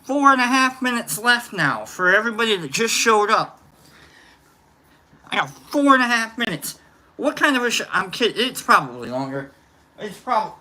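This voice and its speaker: A man's voice: extremely high pitch, pushed and bright. Joking man greeting his live-stream viewers. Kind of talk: casual live-stream chat.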